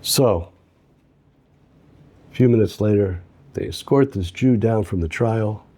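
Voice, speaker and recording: A man teaching a lesson through an animated, conversational story. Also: fairly low pitch, takes it slowly.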